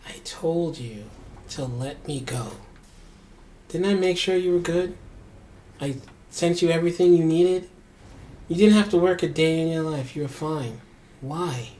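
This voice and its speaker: A man's voice: fairly high pitch, measured pace, long pauses, mellow, natural voice. A man voicing an older rogue who stands up to his angry son, firm and defiant.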